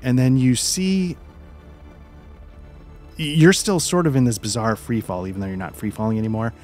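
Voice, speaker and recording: A man running a tabletop role-playing game as game master, calmly describing scenes with frequent fillers. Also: medium pitch, moderate pace, soft background music. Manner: calm descriptive narration with many fillers.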